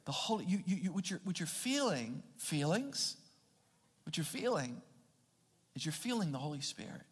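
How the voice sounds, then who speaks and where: A man's voice: on the high side, sing-song, normal speed, husky, long reverb tail. A man preaching as a pastor, emphatic, often repeating words and restarting his phrases. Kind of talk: sermon.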